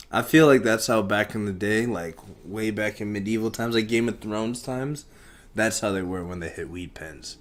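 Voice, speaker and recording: A man's voice: lowish voice, moderate pace. A man hosting a casual solo podcast, rambling in a profane, laid-back way. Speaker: podcast host.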